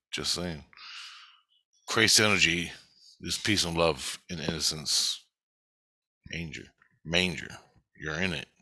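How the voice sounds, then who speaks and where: Low-voiced man telling a rambling story. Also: pushed and bright, no echo. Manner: profane, restless, digressive. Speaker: vlogger recounting spiritual experiences.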